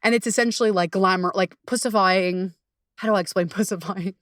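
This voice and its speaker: Animated swearing woman podcast host. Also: fairly quick, dry recording, clean studio sound. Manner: animated, swearing freely, laughing often, rising into high excited bursts. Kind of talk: casual solo podcast talk.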